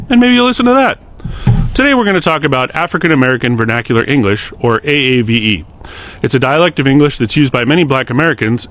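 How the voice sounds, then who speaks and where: A man with a higher, somewhat bright voice fronts a short social media explainer series. He addresses the camera in a scripted monologue that's direct, earnest and mildly sarcastic.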